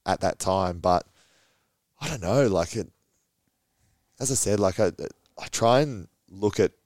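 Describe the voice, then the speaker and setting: A man's voice: sits low, darkish tone, no room sound. A young Australian man, a footballer and podcast guest, telling stories in an easygoing way with frequent laughs. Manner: easygoing storyteller, laughs often, many fillers. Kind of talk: casual podcast chat.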